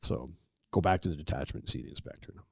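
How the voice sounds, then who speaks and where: Man, podcast guest, middle-aged, very low voice, easygoing storyteller, dry close mic. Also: very fast, creaky, no echo. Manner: relaxed anecdotal storyteller, acts out quoted dialogue. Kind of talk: casual storytelling interview.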